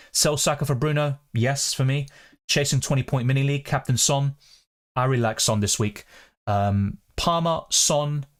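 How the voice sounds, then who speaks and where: A young man hosting a live question-and-answer stream, chatting quickly and reading out viewer comments. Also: medium pitch. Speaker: fantasy football streamer.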